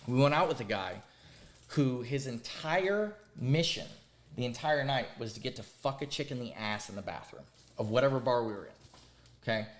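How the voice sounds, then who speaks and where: Podcast host, man, loud storyteller with a mid-range voice, roomy echo. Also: medium pitch, normal speed. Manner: crude, animated, emphatic storyteller. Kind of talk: casual storytelling chat.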